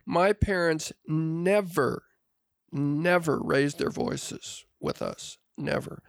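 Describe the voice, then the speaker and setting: Older male co-host, gravelly and a bit high, earnest storyteller, close dry mic. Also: slow, no echo. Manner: earnest storyteller, reflective and confessional. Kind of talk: casual podcast conversation.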